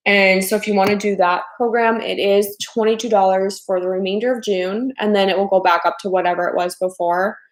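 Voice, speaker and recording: Woman, life coach on a livestream, chatty and loose, mid pitch, roomy echo. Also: fairly even intonation, a little fast, few pauses. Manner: chatty, full of "like" and "you know", acts out quoted voices. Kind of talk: casual livestream talk to viewers.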